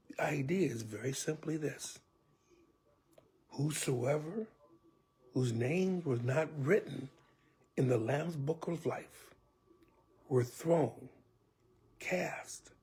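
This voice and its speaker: Here a church elder delivers a sermon, a man whose telling is vivid and who frequently sinks into a hushed whisper, adding pleading asides. He has a fairly high, husky voice.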